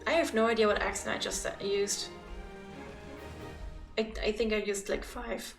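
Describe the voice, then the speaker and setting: A woman streamer muttering quiet, casual asides to herself while playing. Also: medium pitch, flat delivery, moderate pace, vocal fry, reverberant, soft background music. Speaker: game streamer. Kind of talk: casual commentary while gaming.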